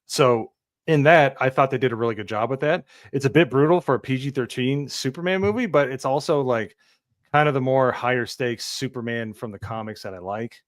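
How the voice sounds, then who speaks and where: A man's voice: medium pitch, a little fast, dry recording, clean studio sound. Rambling man giving his movie take. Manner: rambling, many fillers and restarts. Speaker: movie review co-host. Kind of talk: casual live movie review chat.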